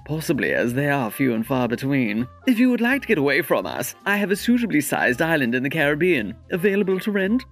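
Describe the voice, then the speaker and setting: A pompous English aristocrat with an English accent who drawls every line in a haughty, theatrical way. His voice sits a little high and swings widely in pitch, with faint music playing behind him. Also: big pitch swings, a little fast, hardly any pauses, a bit bright, exaggerated voice. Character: pompous posh English aristocrat, middle-aged man. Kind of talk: comedy sketch acting.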